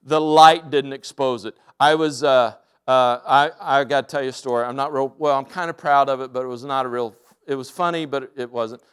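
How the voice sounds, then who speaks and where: A man preaching a sermon, telling stories in a relaxed way and dropping to soft, deliberate emphasis. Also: medium pitch, clear, resonant tone. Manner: relaxed storytelling that drops to soft, slow emphasis. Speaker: pastor. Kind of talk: sermon with personal anecdote.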